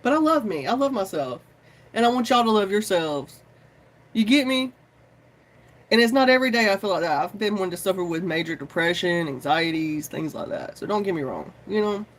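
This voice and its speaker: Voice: mid-range voice, expressive, brisk. A tarot reader hosting a live stream, chatting casually, rambling from topic to topic, swearing freely and greeting viewers by name. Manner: chatty and informal, says y'all often. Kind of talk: casual live-stream chat and pep talk.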